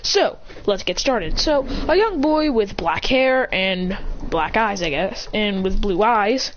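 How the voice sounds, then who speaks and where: A woman improvising a fan-fiction story with rambling, profane narration, breaking into high shouted character cries. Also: lively intonation, slow. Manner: rambling, profane, frequent self-corrections. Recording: dull lo-fi sound with faint background hiss.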